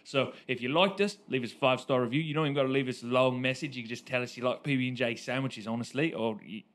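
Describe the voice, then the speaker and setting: A man's voice: medium pitch, fast, a bit bright. A man co-hosting a podcast, playfully urging listeners with repeated requests in a casual sign-off. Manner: playful, repetitive exhortations to listeners. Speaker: podcast co-host.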